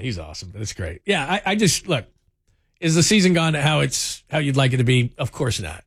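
A man's voice: medium pitch, expressive, fast, no room sound, studio quality. A man hosting a sports talk radio show, telling stories in a chatty way with lots of fillers. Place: radio studio. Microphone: studio microphone.

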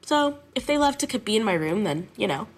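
A woman's voice: on the high side, a little fast. A woman music teacher talking casually and animatedly in an interview. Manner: animated, chatty.

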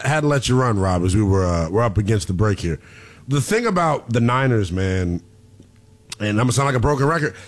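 A man hosting a sports radio call-in show, taking callers in a loose, joking way and breaking into laughter and shouts. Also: on the high side. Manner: animated, laughs often, jumps into shouts.

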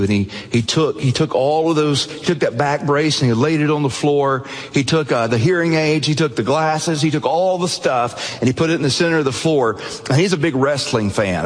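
Husky-voiced pastor in a reverberant hall. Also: male voice. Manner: storytelling, earnest, drops low and soft at emotional points. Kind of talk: sermon.

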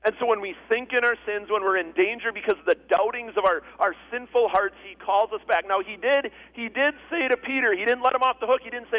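A man's voice: high voice, fairly even intonation, brisk, hardly any pauses, muffled recording. A man preaching a sermon as pastor, earnest and repeating phrases for emphasis.

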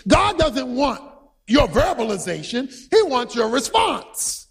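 A man preaching a sermon who tells stories with energy, shouts his points and quizzes the congregation. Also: extremely high pitch, slow, husky. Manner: animated storytelling, shouting for emphasis, quizzing the congregation.

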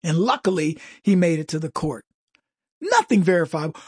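Middle-aged guy doing a snarky political comedy rant, husky dry voice. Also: on the high side, very animated, moderate pace, darkish tone, no echo. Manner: mocking, jokey asides with mimicked voices. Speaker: commentary host.

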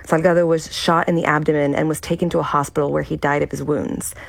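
Woman reporter, low voice with gravelly fry, measured factual radio news delivery. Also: flat delivery, dry recording.

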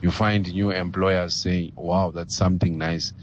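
A man with a South African accent leaving a slow, deliberate voice note for a radio show. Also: deep voice, steady tone, lo-fi sound, a little hiss or hum. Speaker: caller.

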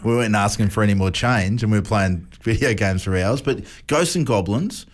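A man's voice: on the low side, brisk. A man hosting a radio show, chatting casually, joking and laughing often.

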